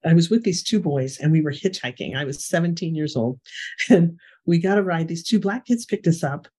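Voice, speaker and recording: A middle-aged woman, a guest in an interview, telling a personal story in an animated conversational way. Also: fairly low pitch, normal speed, husky. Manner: animated storyteller, frequent "you know" fillers. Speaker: guest, remote viewing expert.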